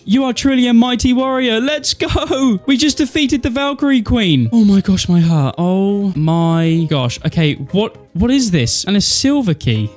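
A man giving excitable, nervous let's-play commentary, exclaiming and talking to himself as he plays. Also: sits high, a little slow, hardly any pauses, soft background music. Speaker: gaming YouTuber.

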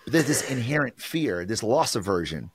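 Lively, husky-voiced man. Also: medium pitch, normal speed, no room sound. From United States. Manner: animated, preachy, acts out quoted exchanges. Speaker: guest, marketing professor. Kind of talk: passionate podcast conversation.

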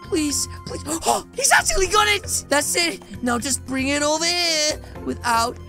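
A woman narrating a role-play game, talking to viewers in an animated, excitable way. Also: high voice, a little slow, faint music behind.

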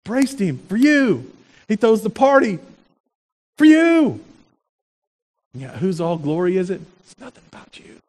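A male pastor preaching a sermon in an animated way, asking the congregation rhetorical questions. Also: sits high, measured pace, long pauses.

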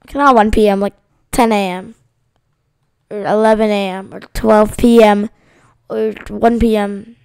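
A woman's voice: medium pitch, fairly even intonation, measured pace, long pauses, darkish tone, smooth, no echo. A tired woman casually commenting on a game she is playing, rambling and sarcastic, sometimes reading the game's lines aloud. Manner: rambling, sarcastic, self-interrupting. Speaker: gameplay streamer.

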